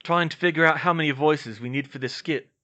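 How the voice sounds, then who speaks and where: A man voicing a blunt young prankster who calls out loudly in a storybook reading. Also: a little high, fairly quick, highs cut off, pitched above the performer's own voice. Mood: rowdy. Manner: loud, blunt.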